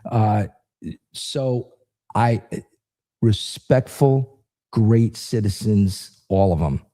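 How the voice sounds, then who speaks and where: A middle-aged man telling lively family stories in a casual interview, talking frankly and with some salty language. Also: fairly low pitch, very slow. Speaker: podcast guest, former federal agent.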